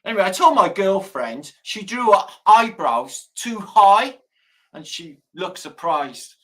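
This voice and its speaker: A man hosts a casual live stream, his voice jumping about in pitch with a bright, forward tone. He swears freely and reels off dad jokes between greetings to viewers. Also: very animated, takes it slowly. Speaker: livestream host.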